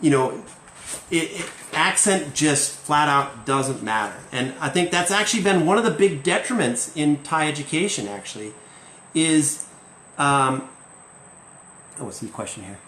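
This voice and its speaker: A man's voice: a little high, big pitch swings, normal speed, a bit bright, slight background noise. A man hosting a live-stream chat as an English teacher, talking emphatically and tagging points with "okay?". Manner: emphatic, keeps asking "okay?". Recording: roomy echo, faint ambience.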